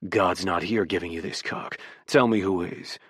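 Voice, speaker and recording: A male narrator voicing a devoted adult male lover, speaking his lines in a low murmur. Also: a little fast, husky, no room sound, studio quality. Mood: growling.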